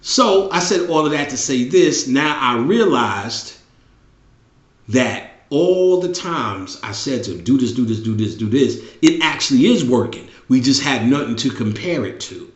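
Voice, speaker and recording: A man's voice: medium pitch, animated, a little slow. A middle-aged man hosting a show, talking in a blunt casual monologue with heavy swearing and repeated phrases. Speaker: show host. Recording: roomy, dull lo-fi recording.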